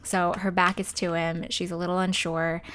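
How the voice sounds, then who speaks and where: A woman's voice: lowish voice, moderate pace. A woman hosting a casual let's play, chatting expressively about the story of her life-sim game. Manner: chatty and expressive, full of fillers. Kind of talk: casual gameplay commentary.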